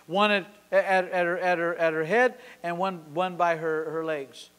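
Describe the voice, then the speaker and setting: A man in his sixties preaching a sermon at a church service. He tells a story with passion, swinging from sudden loud peaks to quiet drops. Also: high-pitched, fairly even intonation, moderate pace, clean tone. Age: 60s. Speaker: pastor. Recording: long hall reverb.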